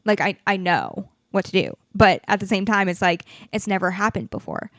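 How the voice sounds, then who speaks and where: Clean studio sound with no echo carries this young woman's medium-pitched voice as she hosts her own podcast at a moderate pace. She's candid and profane, venting with plenty of energy.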